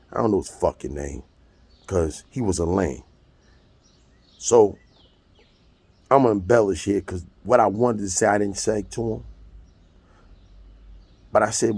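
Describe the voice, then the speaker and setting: Speaking in a casual monologue, a gravelly, husky-voiced American storyteller in his 50s recounts a court hearing with blunt profanity. His pitch is low and a bit mellow, he talks at a normal speed with frequent pauses, and there's no echo.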